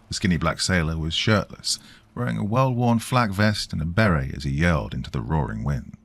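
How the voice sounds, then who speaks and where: A man's voice: deep voice, big pitch swings, normal speed. A man narrating a scripted story in a dramatic storytelling manner.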